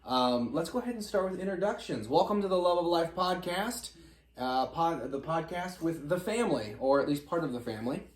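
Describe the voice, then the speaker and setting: A man's voice: on the high side, animated, brisk. A man hosting a casual family podcast as the father, joking and often laughing as he asks his sons questions. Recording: roomy echo.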